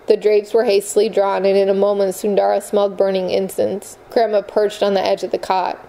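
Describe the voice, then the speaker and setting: Woman reading a novel aloud, mellow warm tone, steady and expressive. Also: mid-range voice, gravelly, low-quality recording. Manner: measured, expressive storytelling. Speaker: audiobook narrator. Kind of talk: scripted narration.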